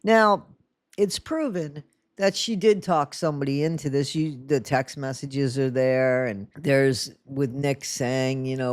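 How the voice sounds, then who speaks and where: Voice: medium pitch, steady tone, a little slow, no echo. A speaker in their sixties ranting through blunt, profane, scolding true crime commentary. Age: 60s. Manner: sarcastic, scolding.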